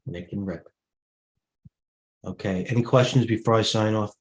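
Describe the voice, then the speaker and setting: A middle-aged man hosting a live trading stream, giving rapid-fire, blunt market commentary and talking straight to his viewers. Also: lowish voice, fairly even intonation. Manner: blunt, jumpy, talks to viewers directly. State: out of breath. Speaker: stock trading livestream host.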